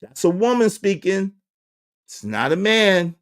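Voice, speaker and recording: Unhurried and sing-song, an exasperated man with a high voice hosts a commentary channel and rants at his live chat. He imitates critics in mocking voices, says phrases again for emphasis, and laughs in between lines.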